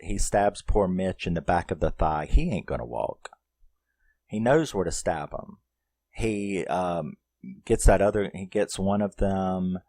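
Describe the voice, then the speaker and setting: A man's voice: low voice, darkish tone, dry recording. A man giving a casual, rambling film review, swearing freely and using lots of fillers. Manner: rambling and profane, with many fillers.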